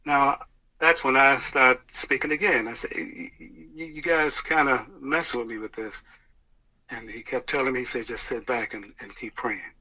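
Man earnestly retelling a story, bright voice. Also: medium pitch, poor audio. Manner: earnest, halting retelling with restarts and quoted dialogue. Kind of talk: personal testimony storytelling.

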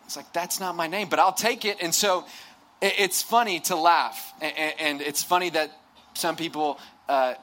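A man's voice: on the high side, sharp tone, slight background noise. A young man speaking to a live audience, telling a humorous, self-deprecating story in a sermon, with many restarts and asides. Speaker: campus ministry speaker.

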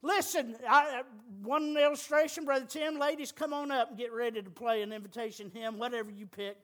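A man's voice: very high-pitched, fairly even intonation, brisk. A middle-aged man preaching a sermon as pastor, emphatic and folksy, with humor.

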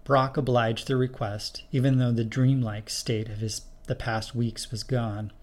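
Guy reading a story out loud, steady measured pace, mid-pitched voice. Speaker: narrator. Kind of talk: storybook narration.

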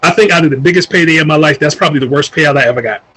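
A man tells a story in a relaxed, casual way, with a husky, slightly raised voice. He is animated and profane, and he acts out the lines of the people in it. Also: a little high, rapid-fire, poor audio. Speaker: guest telling a story.

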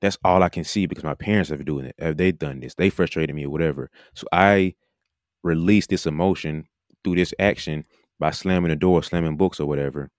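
A man's voice: a bass voice, brisk, no room sound, studio quality. A man, a podcast host and coach, talking casually and animatedly, now and then mimicking coaches mid-sentence. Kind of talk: casual monologue.

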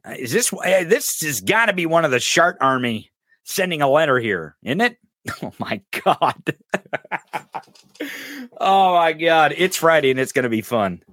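A man rants as a podcast host, mocking and cursing as he needles a viewer from the chat. His voice sits a bit high and bright and swings widely in pitch. The sound is dry and close. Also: very animated, measured pace, pauses often, no echo. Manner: mocking, profane, addresses a chatter directly. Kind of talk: ranting political commentary.

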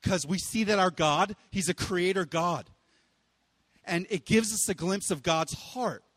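Young male pastor, high voice, casual animated sermon delivery; long hall reverb. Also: a little slow. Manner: casual, animated, with playful voices and bursts of loud exclaiming.

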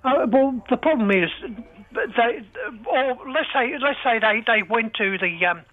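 An older man calling in to a talkback radio show, rambling and halting as he loses his thread. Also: very high-pitched, animated. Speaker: talkback caller. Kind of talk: casual phone-in chat. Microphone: telephone line. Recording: tinny phone line.

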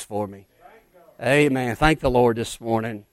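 A man preaching a sermon as pastor, repeating his phrases with emphasis, calling out "Amen", and dropping from loud to hushed. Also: medium pitch, unhurried, dry recording.

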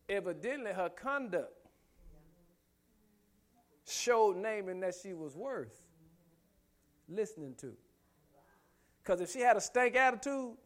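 High-voiced preacher firing rhetorical questions. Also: male voice. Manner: emphatic, builds with repeated rhetorical questions; humorous asides, laughs often. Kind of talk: sermon.

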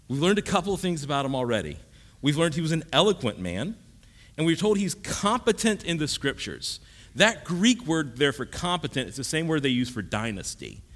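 A male pastor delivering a sermon, his slightly high voice swinging widely in pitch. He teaches in a relaxed, conversational way, dropping jokes and asides as he goes. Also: normal speed.

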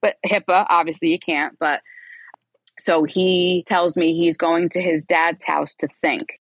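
A woman in her forties, a podcast guest, telling her own story in a candid, animated way and acting out the dialogue. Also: lowish voice, unhurried, dry recording. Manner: animated, acts out quoted dialogue.

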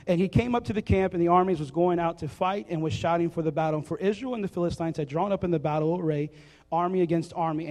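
A man's voice: high-pitched, big-room sound. A man preaching casually, reading scripture and joking with the crowd between verses, with lots of fillers. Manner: jokey, chatty, fillers, asks the crowd to repeat words. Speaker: youth preacher. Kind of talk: casual sermon with Bible reading.

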